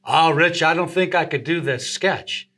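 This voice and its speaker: A man's voice: fairly high pitch, a little slow, pushed and bright. A man doing an impression of a mild older male crooner who stammers on his b sounds. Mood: puzzled.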